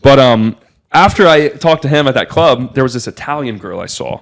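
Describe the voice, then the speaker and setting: A young man from Miami telling a rambling party story on a podcast, excitable, with a lot of filler "like". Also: mid-range voice, moderate pace. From Miami, USA. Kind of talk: casual storytelling.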